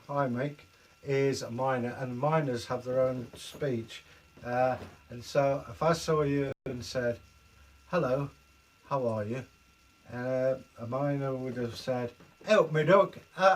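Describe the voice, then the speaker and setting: A man's voice: medium pitch, a little mellow, low-quality recording. A man from southern England, chatting casually as co-host of a livestream. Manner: chatty, slips into accent impressions.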